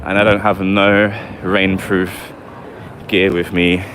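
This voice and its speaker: Strolling down a city street on a live walking-tour stream, a London-accented English vlogger reads viewer comments aloud and chats casually. His voice is low and level, his pace slow, and there's a lot of background noise.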